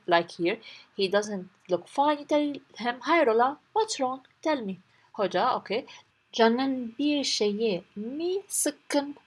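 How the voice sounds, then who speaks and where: Husky, lively-voiced woman teaching a language. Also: fairly high pitch. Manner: patient, explaining each word in turn. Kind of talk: word-by-word language lesson.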